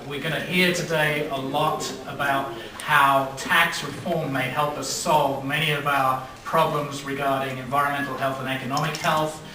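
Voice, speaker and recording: A man hosting an event and giving hesitant opening remarks. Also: mid-range voice. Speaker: event host. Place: lecture hall. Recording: echoey hall from far off, noise.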